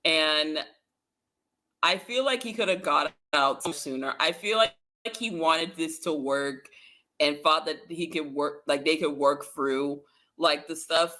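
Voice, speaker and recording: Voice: medium pitch, measured pace, bright, forceful tone. A podcast co-host in a casual TV recap chat, talking in long runs packed with "like" and sounding exasperated. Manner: talkative, many "like" fillers, exasperated.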